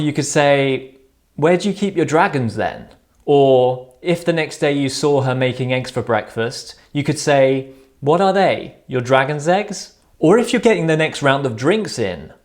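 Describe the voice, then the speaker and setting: A man giving dating advice in a measured, dry-humoured way, acting out example lines deadpan. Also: medium pitch. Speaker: dating coach. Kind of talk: scripted advice talk to camera.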